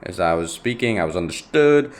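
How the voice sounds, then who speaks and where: A man's voice: deep voice, lively intonation, fairly quick. A young man from Nepal telling a personal story in a rambling, casual way, full of "like" and "right?". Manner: rambling, repeats himself, many fillers like "right?" and "like".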